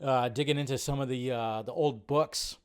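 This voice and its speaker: A man giving a casual spoken review of a TV episode, animated and loose, cursing and acting out his own reactions. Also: medium pitch, normal speed, clean tone. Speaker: film review vlogger.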